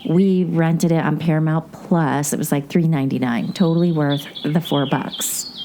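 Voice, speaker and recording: A woman's voice: sits low, fairly even intonation, moderate pace, dark tone, a little hiss or hum. A woman hosting a podcast, recapping a movie in a rambling, chatty way with many asides. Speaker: podcast host. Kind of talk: casual movie recap chat.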